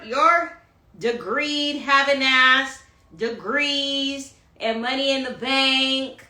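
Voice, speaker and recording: A woman with a high, sharp voice does a tarot reading over a phone live stream on Instagram, her words echoing around the room. Sassy and foul-mouthed, she rants about astrology, preaches self-love, and calls her listeners honey.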